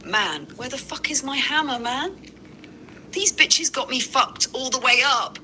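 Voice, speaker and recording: A woman's voice: sits high, expressive, unhurried, sharp tone, a little hiss or hum, heavily acted, poor audio. A woman voicing a furious, foul-mouthed female AI assistant who spits a profane, insulting rant. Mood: furious cursing.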